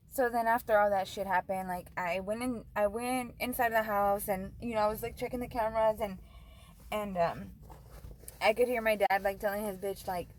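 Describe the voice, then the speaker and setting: A woman's voice: mid-range voice, rough recording. Heated profane young woman ranting. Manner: profane, heated, switches between English and Spanish. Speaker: vlogger. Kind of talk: casual storytime rant.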